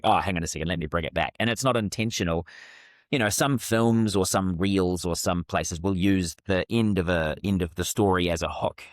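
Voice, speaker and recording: A middle-aged man, a communication coach telling sales stories as a podcast guest, animated and often restarting his sentences. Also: deep voice, dry recording, studio quality. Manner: animated, restarts phrases mid-thought. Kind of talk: casual interview storytelling.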